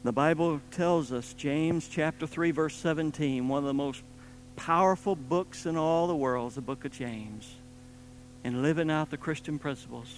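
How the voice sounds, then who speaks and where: High-voiced man preaching a sermon. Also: moderate pace, faint music behind, poor audio. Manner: emphatic, swings between loud emphasis and quiet low asides.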